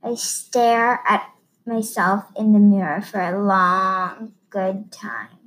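A woman reading a first-person novel aloud in a steady, plain storytelling manner. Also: medium pitch, slow, poor audio. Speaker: reader.

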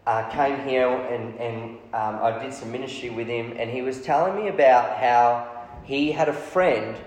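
A man's voice: mid-range voice, unhurried. Man preaching in an echoey hall. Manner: lively storyteller acting out dialogue. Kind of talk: storytelling sermon. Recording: echoey hall, heavy reverb.

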